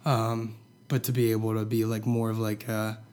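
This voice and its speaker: Flat-voiced podcast co-host, easygoing man. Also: fairly low pitch, normal speed, smooth. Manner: easygoing, hedging, filler-heavy. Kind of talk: casual podcast chat.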